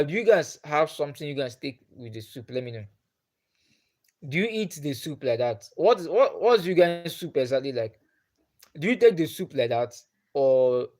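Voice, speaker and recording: A man's voice: medium pitch, a little mellow. A man with a Nigerian accent, chatting on a live stream and putting the same questions to his viewers again and again. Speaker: livestreamer.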